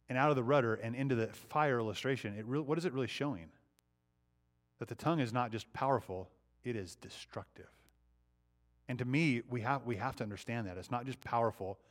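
A man's voice: mid-range voice, moderate pace. Conversational man leading a Bible study. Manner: conversational, poses questions to the group. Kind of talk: interactive Bible teaching.

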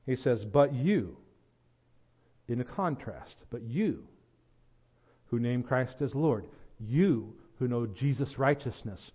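A man's voice: mid-range voice, highs cut off. Earnest Southern man preaching a sermon. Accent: Southern American. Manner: earnest, builds to emphatic, repeats words when stressing a point. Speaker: pastor.

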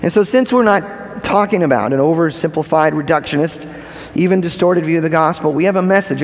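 High-pitched guy preaching in a church, repeats his big lines, keeps asking if you're following, long echo tail. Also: fairly quick. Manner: emphatic, repeats key phrases, asks the congregation questions. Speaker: pastor. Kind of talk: sermon. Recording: long hall reverb.

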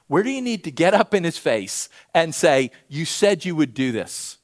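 A man preaching a sermon, animated, swinging between loud emphasis and hushed urging. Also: a little high, normal speed, hardly any pauses. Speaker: pastor.

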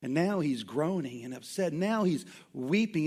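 A man's voice: a little high, animated, moderate pace, hardly any pauses, a little mellow. A male pastor preaching a sermon in an emphatic, conversational way, full of rhetorical questions and asides.

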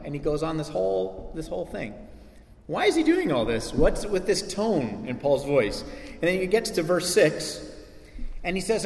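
A male pastor preaching a sermon, animated, acting out quoted voices with sarcasm. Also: fairly high pitch, moderate pace. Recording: echoey hall reverb.

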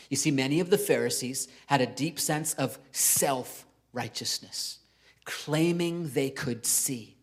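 A man preaching a sermon in a conversational way, swinging between loud emphasis and soft, intimate lines. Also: medium pitch. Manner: conversational, with frequent "right?" and light laughs. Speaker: pastor.

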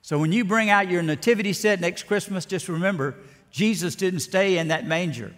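A man's voice: high voice, normal speed, a bit bright. A man preaching a sermon with dramatic emphasis and repeated words. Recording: long reverb of a large hall.

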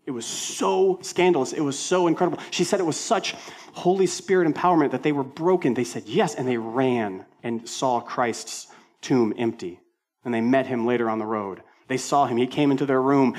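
A male senior pastor preaches a sermon in an animated, conversational style, leaning on emphatic repetition and poking fun at himself. His voice is medium in pitch.

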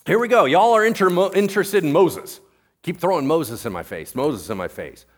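Picture a bold, exasperated preacher lecturing a hostile council, as a man acts him out. His husky voice rides high and swings widely in pitch. He keeps repeating himself to hammer each point home. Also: expressive, normal speed. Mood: challenging. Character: bold adult male preacher Stephen confronting the council.

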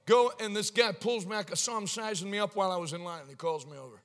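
A man's voice: high-pitched, fast talker, fairly bright tone, big-room sound. A male preacher telling a humorous story in his sermon, in a wry, conversational way.

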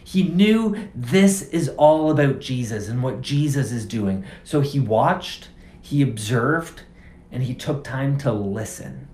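A man's voice: mid-range voice, animated, slow pace, darkish tone. A man preaching a sermon as pastor, conversational and casual, driving points home through repeated phrases. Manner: conversational, emphatic repetition. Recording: roomy echo.

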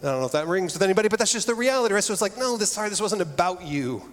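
A man's voice: high-pitched, lively intonation, rapid-fire. A middle-aged man preaching a sermon, earnest and conversational, often restarting his phrases. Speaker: pastor. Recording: long reverb of a large hall.

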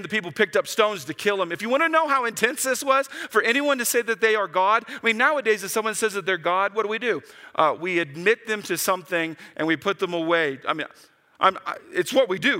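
A pastor preaches a sermon in a casual, animated way, acting out quotes with big jumps in pitch. The recording carries a long hall reverb.

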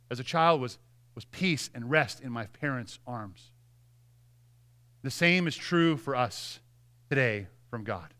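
A male pastor in his thirties delivers a sermon in a bright, somewhat high voice. He talks earnestly and conversationally, often restarting his sentences. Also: smooth.

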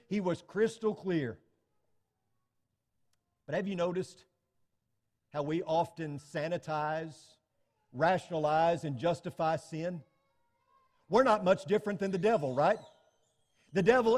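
Male preacher, earnest sermon delivery full of rhetorical questions, voice sits high, long reverb around him. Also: darkish tone.

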